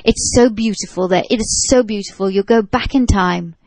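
A woman's voice: medium pitch, moderate pace, a little mellow, no echo. A jet-lagged woman co-hosting a podcast, chatting in a giggly, punch-drunk way. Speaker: podcast co-host. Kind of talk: casual chat.

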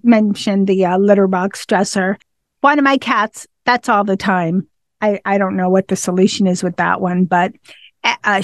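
A woman's voice: medium pitch, no room sound. Chatty woman podcast host, dry sound. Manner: chatty, conversational questioning. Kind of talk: casual interview chat.

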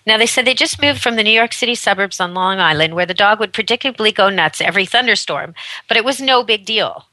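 Chatty woman host of a pet radio show; bright, forward tone, dry close sound. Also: mid-range voice, lively intonation, fast talker, no echo, low-quality recording. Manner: chatty, amused, laughs often, playful dog voices. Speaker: radio show host, dog camp owner. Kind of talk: casual radio monologue. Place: rural dog camp in Canada.

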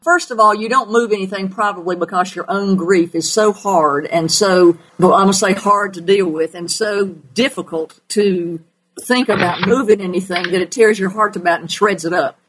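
A woman's voice: medium pitch, moderate pace, a bit bright, rough recording. A woman with a Southern accent hosting a call-in radio show as a pet psychic, folksy and emphatic.

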